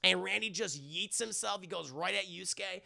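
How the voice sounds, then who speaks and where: A man streaming an anime review who tells the story in animated, profane casual talk to his live chat and acts out the characters. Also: high-pitched, moderate pace, vocal fry.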